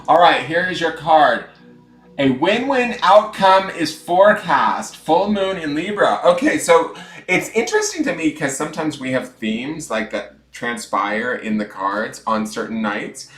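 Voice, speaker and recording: A man hosts a relaxed tarot livestream from his home and chats freely with viewers. He swears now and then, pokes fun at himself, and drops from loud greetings to mumbled asides. His voice sits at an ordinary pitch for a man, and the room around him has a strong echo. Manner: chatty, swearing, self-mocking, drifts between loud greetings and mumbled asides. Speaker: tarot reader hosting a livestream. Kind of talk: casual livestream chat and tarot reading. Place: room at home with dogs snoring nearby.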